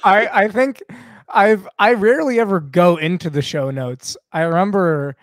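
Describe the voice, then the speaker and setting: A man's voice: high-pitched, normal speed, no echo. A man co-hosting a casual podcast chat, rambling and going off on tangents. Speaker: podcast co-host.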